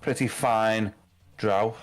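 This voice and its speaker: Slow, menacing man at the table. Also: fairly low pitch, fairly even intonation. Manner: plays his character as coldly menacing, slow and drawn out. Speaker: player. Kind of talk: tabletop game play.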